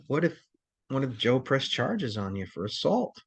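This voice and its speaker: A man's voice: mid-range voice, very animated, normal speed, husky. A man teaching a crisis response training lecture in a rambling, conversational way, with many fillers and restarts.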